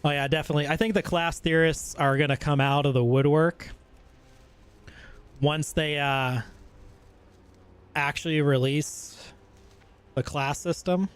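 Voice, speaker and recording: Excited casual gaming streamer man. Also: on the high side, a little slow, long pauses, clear, resonant tone. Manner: enthusiastic, slangy, loose rambling. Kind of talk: casual gameplay commentary.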